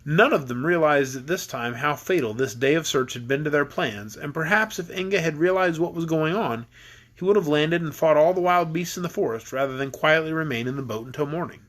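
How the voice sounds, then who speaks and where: Dad reading a storybook aloud. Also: male voice, on the high side, brisk, a bit bright. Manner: easygoing, stumbles and rereads lines. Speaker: parent reading to his children. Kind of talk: reading a children's book aloud.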